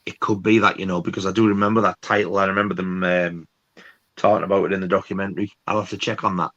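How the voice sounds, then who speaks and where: A man with a low voice, co-hosting a casual film chat, hesitant with many ums and dry verdicts. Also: little pitch movement, quick pace, a bit bright, lo-fi sound. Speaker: co-host of a film live stream.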